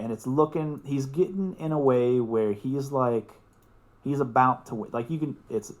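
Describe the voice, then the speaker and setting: A young man with a mid-pitched voice tells a story as a podcast guest. He talks casually, swears freely and laughs as he goes, turning excitable as the story builds.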